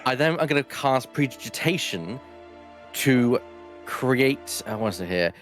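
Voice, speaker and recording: A man's voice: mid-range voice, animated, moderate pace, faint music behind. A man playing a tabletop game, talking hesitantly with frequent stammers. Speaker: player.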